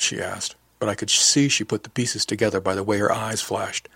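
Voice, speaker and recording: A man's voice: fairly low pitch, fairly even intonation, moderate pace, creaky, pushed and bright, husky, no echo. A man reading a first-person audiobook story aloud and giving the characters their own small voice changes. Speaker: audiobook narrator.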